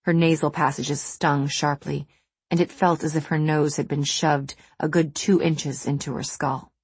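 A woman reading a novel aloud in measured, steady scripted narration. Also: low voice, breathy edge, dry recording. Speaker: audiobook narrator.

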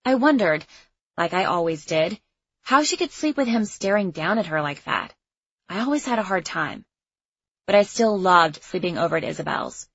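Female audiobook narrator, wry and expressive; dry, dull lo-fi recording. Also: on the low side, moderate pace, husky, dry recording. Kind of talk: first-person audiobook narration. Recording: slightly muffled lo-fi recording.

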